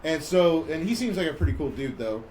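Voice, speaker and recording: A man hosting a podcast, casually retelling a movie plot in a rambling, animated way and acting out the characters' lines. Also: a little high, fairly quick, a little hiss or hum. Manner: rambling, animated storyteller who acts out quotes. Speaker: podcast host.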